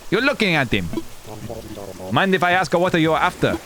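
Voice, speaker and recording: A man's voice: high voice, very animated, normal speed, bright, forceful tone, heavily acted. Man doing an Italian-accented pigeon cafe owner. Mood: easygoing. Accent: Italian-ish put-on accent. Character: laid-back male pigeon cafe owner. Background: game music.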